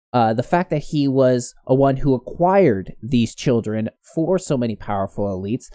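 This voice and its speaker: A man's voice: mid-range voice, dark tone, no room sound, clean studio sound. A man giving casual commentary on a news story, rambling with many restarts. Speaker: commentary host.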